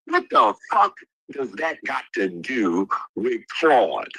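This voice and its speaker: A man's voice: medium pitch, wildly swooping pitch, slow pace, vocal fry, sharp tone, slightly rough, dry recording, poor audio. Angry, cursing man in a heated livestream argument. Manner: angry, profane, repeats insults. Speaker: livestream participant. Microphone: streaming call mic.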